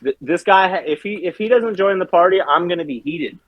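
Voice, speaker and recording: Fairly quick and high-voiced, this co-host of a laid-back sports podcast swears through a heated rant while playing games on a headset, slightly tipsy. There's no echo, but the sound is muffled.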